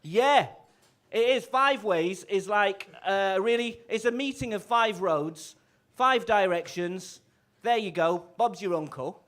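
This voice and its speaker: A man's voice: high-pitched, slow pace, a bit bright. A man and bandleader chatting and joking between tunes at a live gig, laughing often and stumbling over his words, on a stage microphone. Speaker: bandleader and clarinettist. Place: live music venue.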